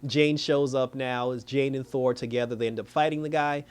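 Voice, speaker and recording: Slangy, animated male movie reviewer. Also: medium pitch, moderate pace, clean tone. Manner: animated, slangy, profane, retells scenes with quoted voices. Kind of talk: casual plot recap.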